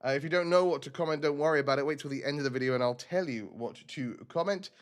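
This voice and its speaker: A man's voice: a little high, fast. A man streaming a role-playing game, chatting casually and rambling with self-mocking asides.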